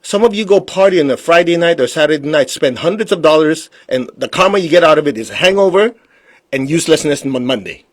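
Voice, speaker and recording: A somewhat high-pitched, husky man delivers a live-streamed spiritual teaching. He talks bluntly and emphatically, firing rhetorical questions at his listeners. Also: expressive, fast. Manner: mocks excuses with put-on quoted voices.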